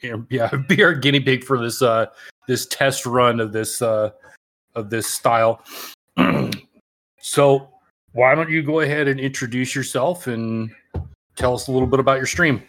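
A man's voice: mid-range voice, measured pace, a bit bright. A man co-hosting a casual podcast, laid-back and chatty, with plenty of filler words. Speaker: podcast co-host.

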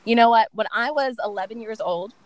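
A young woman talks in a casual, frank and chatty way while co-hosting a podcast, often laughing. Her voice sits a little high, and the sound is dry and close, with no room around it. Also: fairly quick, dry recording, poor audio. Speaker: podcast co-host. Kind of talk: casual chat. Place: home.

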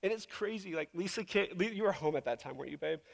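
A man preaching from a church platform in a high, light voice. He talks like he is chatting with friends, earnest and emotional, with plenty of casual fillers. The sound rings with the long reverb of a large hall. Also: animated, quick pace, gravelly. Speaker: pastor. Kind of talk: conversational sermon. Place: church sanctuary.

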